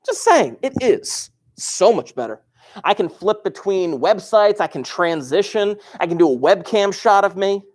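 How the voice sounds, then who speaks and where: A man's voice: sits high, big pitch swings, a little slow. A man teaching an algebra class over a livestream from his classroom desk, joking and teasing his students and chuckling often. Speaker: high school algebra teacher.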